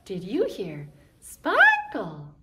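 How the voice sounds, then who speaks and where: A woman teaching a kindergarten music lesson, chanting rhymes in a sing-song way and squealing high train whistles. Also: huge pitch swings, drawn-out words, heavy background noise.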